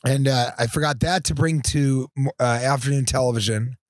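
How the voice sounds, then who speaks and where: An American man in his forties chatting as a podcast guest, rambling through stories with animated impressions. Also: medium pitch, moderate pace, no echo, studio quality. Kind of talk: casual chat.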